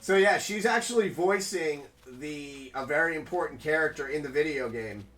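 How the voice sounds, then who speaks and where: A man's voice: fairly high pitch, moderate pace, fairly bright tone. A man live-streaming a game, rambling casually to his chat in a loose, chatty way.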